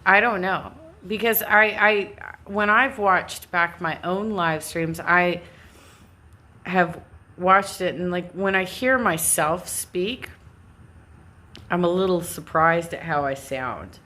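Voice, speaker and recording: A woman's voice: lowish voice, slow, pushed and bright. A woman with a Californian accent talking to her live stream audience in a rambling, self-interrupting way, laughing now and then. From Southern California. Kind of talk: casual monologue.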